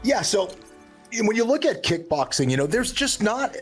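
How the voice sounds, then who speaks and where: A man analysing a fight as a co-host, thinking aloud in a halting way. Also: high voice, very animated, soft background music. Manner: thoughtful, halting with restarts. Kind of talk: sports analysis chat.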